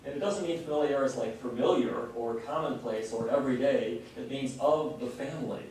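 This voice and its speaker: A man's voice: medium pitch, a little fast, a little mellow, slight background noise. Impassioned man lecturing in an echoey hall. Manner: earnest, impassioned, varying pace. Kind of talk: public lecture. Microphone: distant room mic. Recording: very echoey hall recording from a distance.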